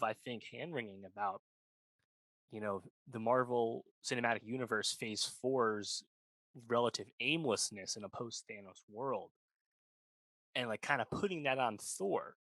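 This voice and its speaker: A man's voice: mid-range voice, normal speed, fairly bright tone, no room sound. A man co-hosting a pop culture podcast, chatting casually and rambling, full of "like" and "you know, right?". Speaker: podcast co-host. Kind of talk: casual chat.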